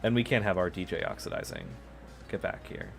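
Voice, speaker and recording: A man with a slightly low voice chats casually while he streams a game. He rambles and often stops to correct himself, joking as he goes. His microphone sits a little way from his mouth. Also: wildly swooping pitch, a little fast, gravelly, faint music behind. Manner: rambling, self-correcting, playful. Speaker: gaming channel host. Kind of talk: casual chat while live streaming gameplay. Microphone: microphone kept far from the mouth.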